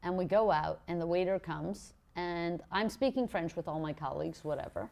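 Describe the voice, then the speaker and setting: A woman's voice: fairly low pitch, moderate pace, creaky. A woman from Montreal, chatting as a podcast guest and telling stories with lots of restarts and swearing. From Montreal, Canada. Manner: animated storytelling, swearing, frequent restarts. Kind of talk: casual chat.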